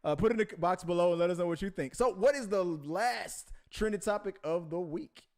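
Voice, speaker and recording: A man's voice: high voice, fairly quick, darkish tone. A man co-hosting a casual movie news show, rambling with many fillers and restarts. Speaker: podcast co-host.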